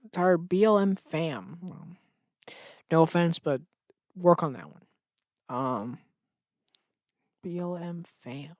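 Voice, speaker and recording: A man's voice: fairly high pitch, takes it slowly, long pauses, a little mellow, dry recording. A man hosting a solo comedy podcast, rambling sarcastically and often cutting himself off. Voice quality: rambling, sarcastic, self-interrupting. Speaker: podcast host.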